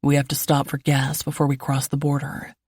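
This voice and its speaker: A woman narrator voicing a protective, commanding man in a calm, firm tone, close to her own low voice. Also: brisk, husky, dry recording. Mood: firm caring.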